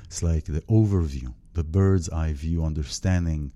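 Host, male, very deep and very dark tone, halting, reflective delivery. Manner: halting, searching for words with many restarts. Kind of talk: spiritual conversation.

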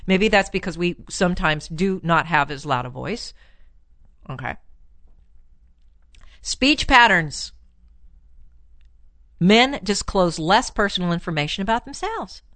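Woman therapist hosting an advice show, expressive voice that swoops up and down, chatty and animated. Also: lowish voice, unhurried, long pauses, no room sound. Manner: chatty and animated, laughs often, plays up lines with mock exclamations. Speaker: radio advice host and relationship therapist. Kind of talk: casual advice talk answering listener letters.

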